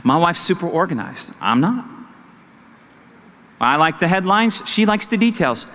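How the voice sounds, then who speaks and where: A man preaching a sermon as pastor, animated and acting out conversations with his wife. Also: a little high, a little slow, long pauses, long reverb tail, slight background noise.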